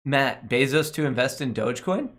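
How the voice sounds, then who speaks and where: Young guy streaming, reading chat out loud, jokey and slangy, laughs a lot, normal mid voice. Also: medium pitch, expressive, moderate pace. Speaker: stock market livestream host. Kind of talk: casual live-stream chat, reading chat aloud.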